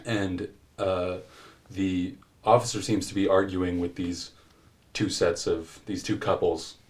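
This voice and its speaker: A man's voice: low-pitched, level tone, takes it slowly, darkish tone. A man narrating a tabletop game as game master, loose with many fillers.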